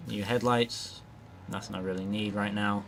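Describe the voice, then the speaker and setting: Low-voiced man giving profane game commentary. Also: steady tone, normal speed, creaky, slight background noise. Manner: casual, rambling and heavily profane, with frequent fillers. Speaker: let's play host. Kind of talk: gameplay commentary.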